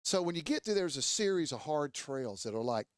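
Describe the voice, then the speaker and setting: A man tells a rowdy trail story in a fairly high voice, swearing freely and acting out his friends' yelps and lines. The sound is close and dry, with no room around it. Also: brisk, clear, resonant tone, no echo. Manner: animated, profane, acts out voices and sounds. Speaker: podcast storyteller. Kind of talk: casual storytelling. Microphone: studio mic.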